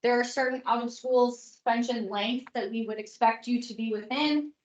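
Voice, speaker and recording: A hoarse woman presenting at a conference, explaining in a chatty way with joking asides. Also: on the high side, fairly even intonation, normal speed, lo-fi sound. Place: conference room.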